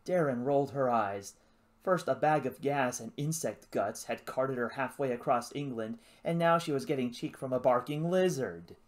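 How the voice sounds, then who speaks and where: An audiobook narrator reading an adventure novel aloud in an expressive storytelling manner. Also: medium pitch, moderate pace. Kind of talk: scripted narration.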